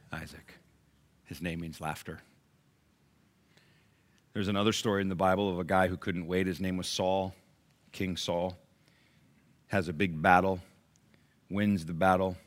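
A man's voice: sits low, a bit bright. A male pastor preaching a sermon, telling stories dramatically, acting out voices and asking the congregation questions.

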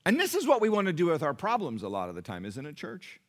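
A middle-aged man preaching a sermon to his church, emphatic and swinging from quiet to loud. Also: a little high, wildly swooping pitch, fast. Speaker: pastor.

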